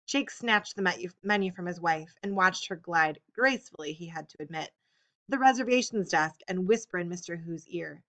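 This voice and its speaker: A woman reading an audiobook, telling the story in a steady, expressive way. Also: lowish voice, normal speed. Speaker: audiobook reader. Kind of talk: audiobook narration.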